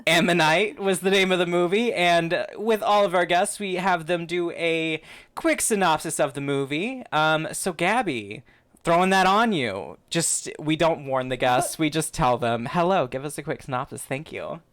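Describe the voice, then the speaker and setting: A man's voice: a little high, measured pace, a bit bright. A man hosting a podcast, trading laughing, teasing banter with his co-host. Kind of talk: casual chat.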